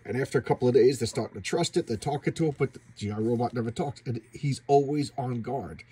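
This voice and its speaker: A man excitedly retelling a comic book story in a casual recap, acting out the characters and making boom sound effects. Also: quick pace, slightly rough.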